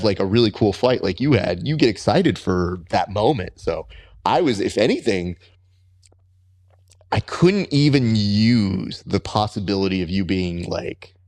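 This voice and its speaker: A man hosting a grappling podcast, telling stories in a casual, animated way and acting out his own reactions. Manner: animated storyteller, jumps high when quoting himself. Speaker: podcast host. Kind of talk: casual interview chat.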